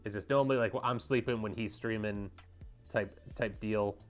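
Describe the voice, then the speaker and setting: A man's voice: lowish voice, steady tone, normal speed, soft background music. A young man livestreaming as he paints miniatures, rambling and joking with his chat.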